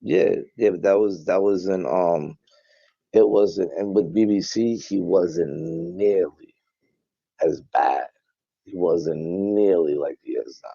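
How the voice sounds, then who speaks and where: A man's voice: deep voice, slow pace, creaky, warm tone, no echo. A man in an interview clip, speaking emphatically and bluntly. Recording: dull, muffled clip.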